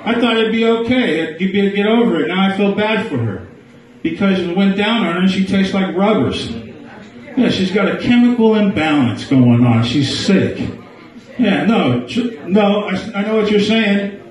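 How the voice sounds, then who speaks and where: Man, stand-up comedian, crude, riffs with crowd, higher voice, roomy bar echo. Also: expressive, normal speed, recorded from a distance. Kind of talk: live stand-up set. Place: small bar. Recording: echoey bar, mic heard from afar.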